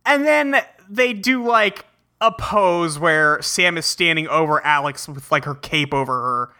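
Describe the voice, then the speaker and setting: A man's voice: a little high, measured pace, pushed and bright. A man co-hosting a podcast, chatting casually as he recaps a cartoon's plot with plenty of fillers. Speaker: podcast co-host.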